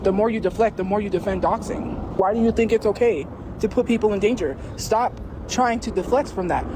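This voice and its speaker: A woman's voice: medium pitch, a little fast, background noise. A woman arguing insistently on a livestream, repeating her point again and again. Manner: insistent, repetitive, confrontational. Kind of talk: heated livestream argument.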